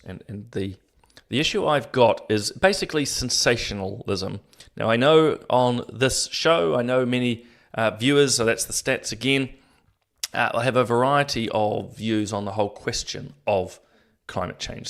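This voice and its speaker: A man hosting a casual solo commentary show, talking to viewers in a rambling, self-deprecating way with many fillers and restarts. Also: medium pitch.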